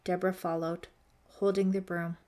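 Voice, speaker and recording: A woman narrating a teen horror audiobook in a measured, suspenseful reading. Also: lowish voice, flat delivery, a little mellow. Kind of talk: scripted narration.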